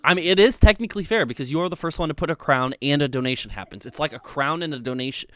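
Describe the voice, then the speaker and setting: Talking fast in a fairly high voice, a young livestream host wanders loosely from topic to topic and reads out chat messages, filling gaps with plenty of fillers. There's no echo on the recording.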